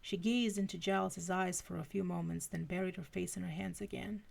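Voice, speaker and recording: A woman reads a story aloud on a live stream in an expressive way. She drops quick asides between passages. Her mid-pitched voice has a gravelly fry. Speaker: fanfiction reader.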